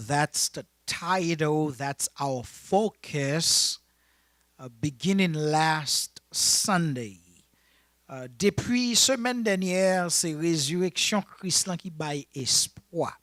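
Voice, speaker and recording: A man's voice: fairly high pitch, slow pace, fairly bright tone, no room sound, clean studio sound. A man preaching a bilingual sermon, praying and leading his congregation in call-and-response. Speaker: pastor.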